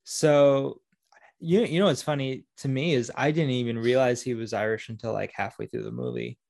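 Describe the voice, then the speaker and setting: A man co-hosting a casual chat, joking and relaxed. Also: medium pitch, moderate pace, vocal fry, dry recording, clean studio sound. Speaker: podcast co-host.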